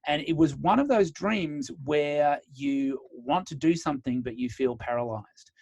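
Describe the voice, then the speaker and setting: A man's voice: a little high, a little slow, a little mellow, no echo. A man hosting a podcast, asking questions and telling stories in a casual chat, with frequent ums. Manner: conversational, chatty storytelling, frequent ums. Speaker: podcast host.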